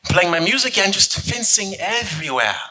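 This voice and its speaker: A man's voice: high-pitched, big pitch swings, normal speed, crowd noise, poor audio. A man playing a pompous French nobleman. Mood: boastful. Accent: put-on French. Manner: pompous, boastful, theatrical. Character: vain flirtatious 18th-century French nobleman, fencer and composer. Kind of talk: comedic live stage skit.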